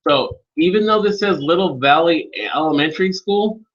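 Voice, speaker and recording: A man leading a live online training session, speaking informally and calling on attendees by name as he walks through software steps. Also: a little high, moderate pace, dull audio. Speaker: webinar trainer.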